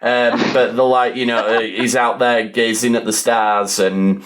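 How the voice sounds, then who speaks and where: A man's voice: mid-range voice, level tone, a little slow, a bit bright. A man, hosting a casual podcast roundtable and rambling with dry asides.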